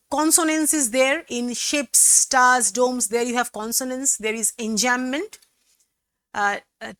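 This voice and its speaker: A woman's voice: sits high, sharp tone, no echo, clean studio sound. A woman English teacher with a Bengali accent, patiently explaining a poem's meter in a classroom lesson, breaking words into syllables.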